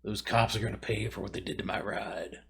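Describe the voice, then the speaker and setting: Gruff action hero growling threats, low husky whisper, a guy putting it on. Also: fairly even intonation, a little fast, a bit bright, full character voice. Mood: menacing.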